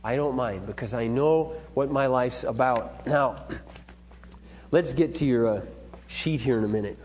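A man's voice: mid-range voice, unhurried, big-room sound, muffled recording, a little hiss or hum. Earnest, emphatic middle-aged male speaker. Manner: earnest, emphatic, building to forceful points. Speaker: parenting speaker. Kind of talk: preachy storytelling talk.

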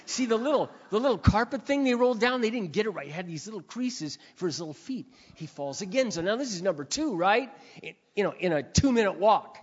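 A man preaching a sermon, telling stories with big swings between quiet and shouted passages. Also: sits high, expressive, fairly quick. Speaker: pastor. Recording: dull sound with long hall reverb.

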